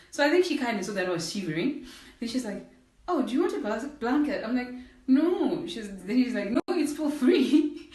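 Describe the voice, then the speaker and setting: A woman's voice: medium pitch, distant mic. A young woman from Zimbabwe telling a casual storytime to her viewers, acting out the voices in it and calling them "guys" again and again. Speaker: vlogger. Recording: roomy echo.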